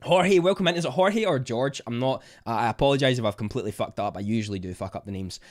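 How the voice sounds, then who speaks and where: A young man with a Scottish accent chatting casually on a livestream, reading out viewer comments with bursts of excitement. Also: medium pitch, fast. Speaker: livestream host.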